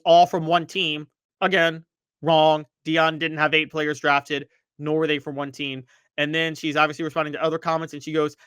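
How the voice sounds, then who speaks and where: A man with a bright, forceful voice delivers opinionated sports commentary as a show host. He talks emphatically and reads social media posts aloud. The sound is close and dry. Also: a little high, dry recording.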